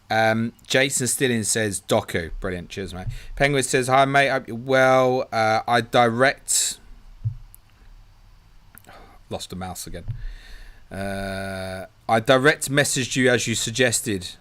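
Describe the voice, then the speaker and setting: A man's voice: medium pitch, unhurried, fairly bright tone, clean tone. A man hosting a live stream, chatting casually as he reads out viewer questions and answers them. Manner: chatty, reads viewer messages aloud, calls people "mate".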